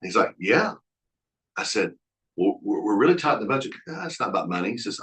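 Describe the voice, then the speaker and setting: Speaking fast and very animated, a folksy Oklahoma man with a deep, fairly bright voice delivers a storytelling, sermon-like leadership lecture as a guest at a Bible college. He's earnest, quotes dialogue, and restarts frequently, and the room is echoey.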